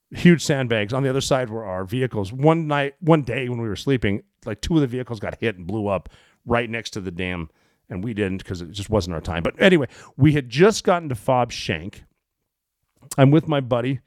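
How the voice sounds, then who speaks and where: A man's voice: mid-range voice, darkish tone, no room sound. Man, 40s, casual storytelling, rambling, profane, wry, dry close sound.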